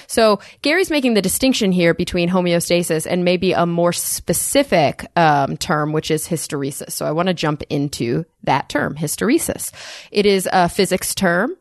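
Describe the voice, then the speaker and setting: A woman's voice: on the low side, no echo, studio quality. A woman co-hosting a podcast, talking in a casual, emphatic way and reading a listener email aloud. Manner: animated, emphatic, quick to laugh. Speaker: podcast co-host.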